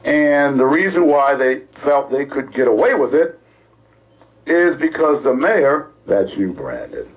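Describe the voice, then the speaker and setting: A male co-host from ranting in an animated, scolding, sarcastic way on a talk show. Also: mid-range voice, unhurried, rough recording. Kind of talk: opinionated talk-show rant.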